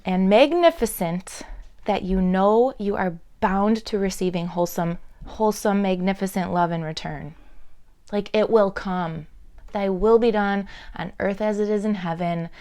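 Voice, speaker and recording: Slow, dreamy young woman musing. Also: mid-range voice, warm tone, clean tone. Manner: dreamy, earnest, many "like"s and pauses. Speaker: spiritual vlogger. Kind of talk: casual reflective monologue.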